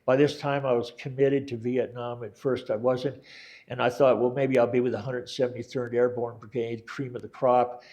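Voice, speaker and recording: An older man telling his war story in a relaxed oral-history talk, wandering and correcting himself as he goes, with many fillers and dry quoted lines. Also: medium pitch, normal speed. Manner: rambling, backtracks and self-corrects, many fillers.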